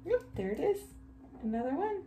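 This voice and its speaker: A woman teacher giving a recorded reading lesson to young children, reading each line slowly and praising often. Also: high-pitched, sing-song, warm tone. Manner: slow, exaggerated reading aloud with cheerful praise. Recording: echoey room, faint background hum.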